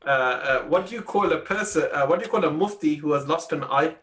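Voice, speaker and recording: Teasing man, higher voice. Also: fairly quick, fairly bright tone. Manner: teasing, jokey banter. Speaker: podcast co-host. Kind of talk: casual chat.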